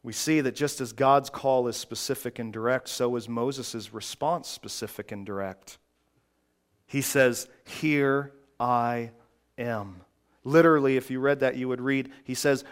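A man preaching a sermon, moving from quiet reflective passages to loud, emphatic preaching. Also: medium pitch, fairly even intonation, a little slow, smooth. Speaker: pastor.

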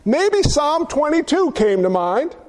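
A man's voice: very high-pitched, sing-song, takes it slowly, darkish tone. A male pastor preaching a sermon, emphatic, with many rhetorical questions to his congregation.

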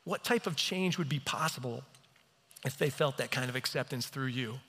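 Pastor guy preaching, earnest storytelling, bright voice, long church reverb. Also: medium pitch, moderate pace, slightly rough. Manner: earnest storytelling, self-deprecating. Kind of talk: sermon. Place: church hall.

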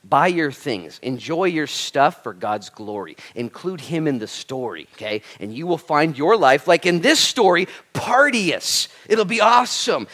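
A man preaching as a pastor, talking energetically and conversationally to his congregation. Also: a little high. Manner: energetic, conversational preaching with animated quoted asides. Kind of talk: sermon.

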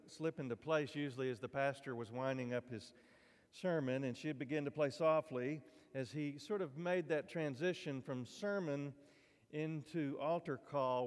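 A man preaches to his congregation in a relaxed, folksy, conversational way, often turning to the listeners with asides. His voice sits at an ordinary middle pitch. The sound carries the long reverb of a church sanctuary. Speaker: pastor. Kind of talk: sermon.

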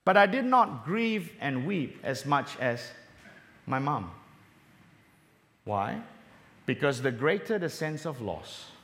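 A middle-aged man from Malaysia giving a sermon, telling a personal story and dropping soft and low on tender moments. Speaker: preacher.

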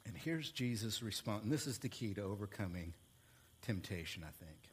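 A male pastor preaching a sermon in an animated, playful way, with sudden jumps in pitch and volume. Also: moderate pace, breathy edge.

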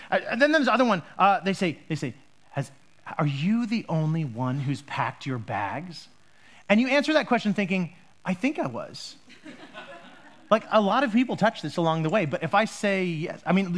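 A male pastor with a fairly high voice preaching in a casual, joking way. He jokes with the congregation and then turns earnest as he moves into prayer. His tone stays loose and animated throughout. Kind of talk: sermon. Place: church.

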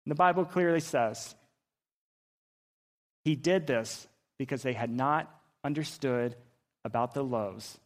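A pastor preaching a sermon, telling a personal story with rising emotion and loud, intense peaks. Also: male voice, medium pitch, measured pace, pauses often. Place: auditorium.

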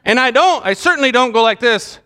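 A man's voice: very high-pitched, lively intonation, a little fast, pushed and bright, smooth. A man preaching a sermon as pastor, joking and mimicking how people pray.

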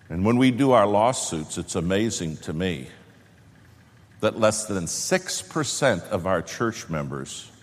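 A man preaching a sermon, telling a story with lively acted-out dialogue and dropping to a slow, hushed voice to make a point. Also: low voice. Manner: animated storyteller who acts out both sides of a conversation; drops to a slow, hushed voice for emphasis. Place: church sanctuary. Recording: long reverb of a large hall.

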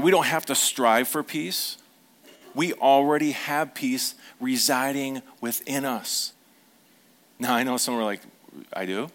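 A middle-aged male pastor preaching in a relaxed, conversational way. He speaks at a medium pitch, tells stories from his own family and keeps asking the congregation questions. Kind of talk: sermon.

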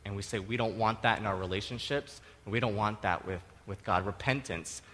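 A middle-aged man preaching a sermon, conversational and animated, tossing in tag questions and acting out quotes with sudden loud bursts. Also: on the low side, brisk, in a large hall. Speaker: pastor.

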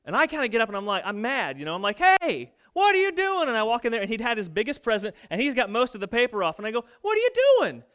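A man's voice: high voice, lively intonation, very fast, hardly any pauses, sharp tone. A man in his thirties preaching a sermon, telling family stories and acting out the voices of his kids and parents. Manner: storytelling, acts out quoted family voices. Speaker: pastor.

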